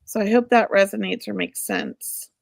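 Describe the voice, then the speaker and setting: A woman's voice: mid-range voice, normal speed, creaky, dry recording, clean studio sound. A middle-aged woman co-hosting a show, giving casual spirit readings in an emotional, rambling way. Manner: emotional, warm-hearted, rambling. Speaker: psychic medium co-host.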